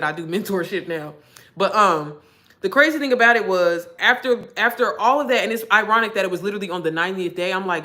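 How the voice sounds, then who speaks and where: A woman talks candidly to her livestream audience, cussing freely and calling them y'all. Her voice is bright and forward, and her pitch sits at an ordinary middle height. She keeps a loose, chatty flow as a digital marketing mentor. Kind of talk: casual livestream Q&A.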